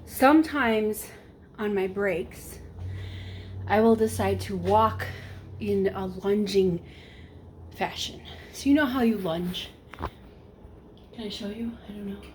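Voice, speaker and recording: A woman's voice: mid-range voice, slow pace, long pauses, a little mellow, slight background noise. A young woman rambling casually to the camera while she cooks, a little out of breath. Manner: rambling, chatty, self-talking while cooking. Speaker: vlogger. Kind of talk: casual cooking vlog chat.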